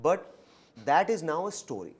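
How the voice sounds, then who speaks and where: A man with an Indian accent answering interview questions in a fast, animated way, switching between English and Hindi. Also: fairly high pitch, breathy edge. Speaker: actor and comedian guest.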